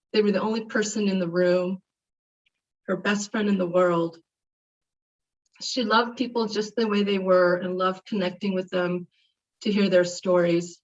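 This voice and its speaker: A middle-aged woman gives a heartfelt eulogy at a memorial service, telling fond stories about a friend. She sounds set back from a dull, muffled microphone. Her voice sits at an ordinary pitch for a woman. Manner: heartfelt, reminiscing, animated when retelling stories. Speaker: eulogy speaker. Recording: distant, muffled mic.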